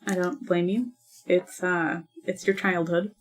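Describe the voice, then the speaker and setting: Cheerful young female adventurer, played by a woman; warm teasing reads. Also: lowish voice, flat delivery, measured pace. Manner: friendly, teasing. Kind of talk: tabletop role-play.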